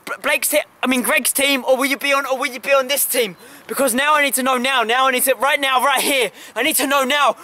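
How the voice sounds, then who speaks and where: A young man hosting his own channel, ranting in a comic, stammering, repetitive way with shouted bursts, filmed outdoors on a camera held by a friend. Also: extremely high pitch, fairly even intonation, fairly quick. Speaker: channel host.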